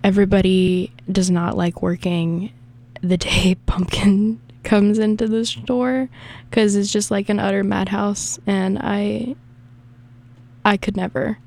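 A woman's voice: mid-range voice, flat delivery, takes it slowly, darkish tone. A young woman from the American South with a Southern accent, chatting casually and rambling between songs as a radio DJ. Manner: rambling, chatty, self-deprecating.

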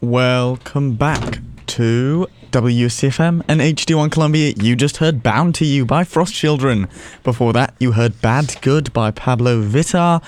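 Young male college radio host. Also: mid-range voice. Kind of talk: radio announcing and casual banter. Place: radio studio.

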